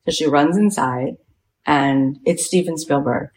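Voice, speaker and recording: A woman's voice: low-pitched, measured pace, a little mellow. A woman podcast host telling a story with energy, acting out the people in it and saying "like" a lot. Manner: acts out the people in her stories, lots of "like". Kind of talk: animated storytelling.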